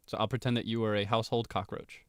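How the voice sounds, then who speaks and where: A man streaming, chatting casually from home in an animated, playful way with frequent laughter. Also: on the low side, quick pace, clean tone, dry recording, studio quality. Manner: animated and playful, laughs often, jumps between topics. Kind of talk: casual livestream chat.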